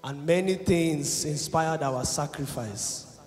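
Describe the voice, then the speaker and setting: A man preaching a fervent sermon, swinging between loud exhortation and hushed confession. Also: a little high, slow pace. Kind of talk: impassioned sermon. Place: large university chapel. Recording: echoey hall with music behind.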